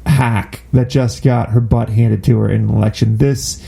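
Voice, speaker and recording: Man, show host, political commentary, sarcastic, mocking, gravelly, dark tone. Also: medium pitch, fairly even intonation, moderate pace.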